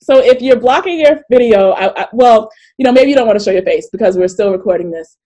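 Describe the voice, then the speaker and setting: Woman, middle-aged, webinar host, video call, animated, fairly high voice. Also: fast talker, lo-fi sound. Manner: chatty, animated, laughs often, reads chat comments aloud. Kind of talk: live online workshop talk.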